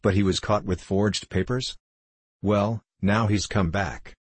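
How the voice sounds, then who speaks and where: A man's voice: on the low side, fairly even intonation, slow, husky, no room sound. A man reading a sly, gossiping sneerer. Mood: casual.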